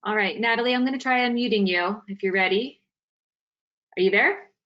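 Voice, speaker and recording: A woman moderating a webinar, calling on participants by name and keeping the session on time. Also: medium pitch. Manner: brisk and organized, calls on callers by name. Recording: dull lo-fi video call audio.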